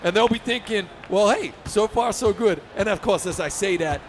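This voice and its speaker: High-voiced excited male esports commentator. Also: normal speed, slight background noise. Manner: excited, often shouting. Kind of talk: play-by-play commentary.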